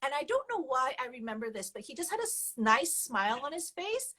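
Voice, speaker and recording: Brief: woman guest, fairly high voice, candid and animated testimony, quick to laugh. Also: rough recording. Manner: candid, animated, laughs often while telling. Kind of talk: personal testimony storytelling.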